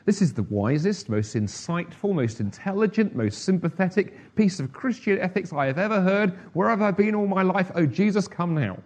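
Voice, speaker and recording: A man voicing a nosy, skeptical friend in a café, teasing in an exaggerated high voice. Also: expressive, moderate pace, hardly any pauses, a little mellow. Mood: mock awe.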